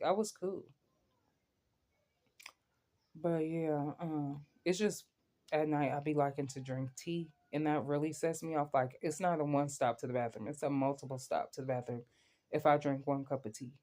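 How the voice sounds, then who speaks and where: Young woman ranting to her camera, lowish mellow voice, rambly and emphatic. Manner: emphatic, rambling, keeps asking "you know what I'm saying". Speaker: vlogger. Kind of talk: venting rant to camera.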